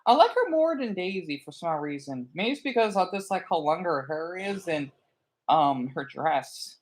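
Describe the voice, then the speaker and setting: A man chatting casually on his live stream in a rambling, animated way, answering his chat and bluntly scolding trolls. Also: fairly high pitch, normal speed.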